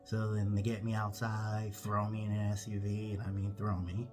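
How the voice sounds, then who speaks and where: Low-voiced man telling a comic story. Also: moderate pace, over music. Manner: animated, acts out every character. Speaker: comedian.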